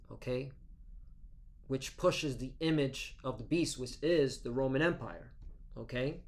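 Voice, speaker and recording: A man reading scripture in a formal cadence, then preaching informally and checking in with listeners by saying "okay?" and "all right?". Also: medium pitch. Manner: peppers talk with "okay?" and "all right?" tags. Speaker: religious teacher.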